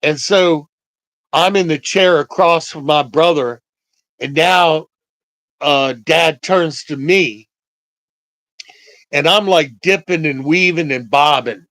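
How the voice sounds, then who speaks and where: An older man tells his stories at an unhurried, deliberate pace, his voice sitting a little high for a man. He speaks reflectively and pauses often. The recording is dry and close, with no room sound. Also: fairly bright tone, no room sound, rough recording. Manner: slow, reflective, halting delivery with pauses. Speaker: storyteller. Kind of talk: personal storytelling.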